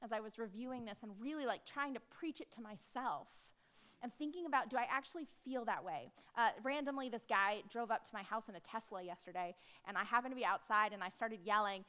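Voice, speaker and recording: A woman preaching a sermon in a conversational, emphatic way, with dramatic pauses on key words. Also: a little high, sharp tone.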